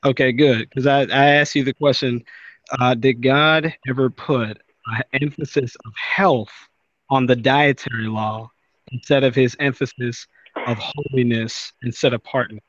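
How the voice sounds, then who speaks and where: A man's voice: mid-range voice, fairly even intonation, unhurried, fairly bright tone, no echo, muffled recording. A man in a religious debate, speaking emphatically and pressing his opponent with questions.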